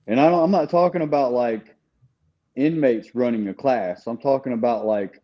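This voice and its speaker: A man's voice: medium pitch, normal speed, dull audio. A man speaking as a guest in a casual conversation, recounting his experiences in an earnest, candid way. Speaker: guest telling his story.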